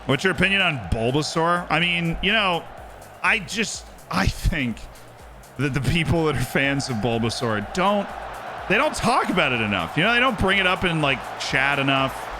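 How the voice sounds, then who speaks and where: A man streaming a game live, commenting on the play and answering chat in a joking, animated way. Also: on the high side, normal speed, music in the background.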